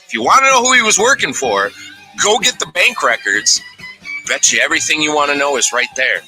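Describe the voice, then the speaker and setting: A man with a bright, sharp and somewhat high voice delivers a heated, profane rant. He swears constantly and slips into mocking quoted voices. Soft music plays behind him. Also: big pitch swings, a little fast, poor audio. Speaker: commentator in a played clip.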